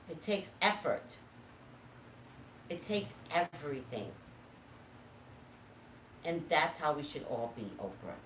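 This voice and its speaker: Woman vlogger, lowish voice, lively storytelling, a bit far from the mic in a roomy space. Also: slight background noise. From California. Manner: animated, swings from low asides to loud exclaims. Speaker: psychic vlogger. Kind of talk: casual storytelling monologue. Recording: echoey room, voice from off-mic.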